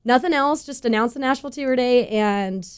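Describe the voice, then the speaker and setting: A woman's voice: a little high, moderate pace, clear, resonant tone. A woman in her twenties from California, a country singer chatting as a radio guest, bubbly and laughing often. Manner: bubbly, laughs often, acts out quoted voices. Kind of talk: casual interview chat.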